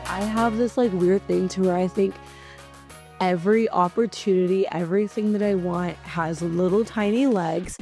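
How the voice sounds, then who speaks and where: A woman hosting her own podcast in a casual, rambling chat, with her voice hoarse and fading. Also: medium pitch, steady tone, normal speed, mellow, soft background music. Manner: chatty, rambling, swears casually. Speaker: podcast host.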